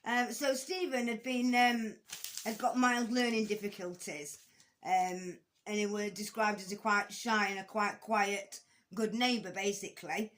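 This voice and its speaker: A woman's voice: mid-range voice, fairly even intonation, unhurried, fairly bright tone. Hesitant woman recapping a court case. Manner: hesitant, many ums and restarts, casual swearing; blunt, conversational. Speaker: true-crime commentator. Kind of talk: casual spoken commentary.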